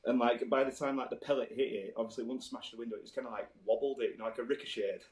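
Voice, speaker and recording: A man spins loose, rambling stories, peppering them with filler words and swearing. His voice sits at an ordinary middle pitch. The room around him is echoey. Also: steady tone, very fast. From Halifax, England. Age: 30s. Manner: rambling, laughing, swearing, lots of "like". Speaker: podcast host. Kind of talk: casual storytelling chat.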